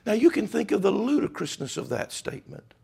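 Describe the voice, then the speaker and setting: A man's voice: sits high, very animated, a little fast, vocal fry, breathy edge. A man preaching a fervent sermon. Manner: fervent, builds to loud climaxes.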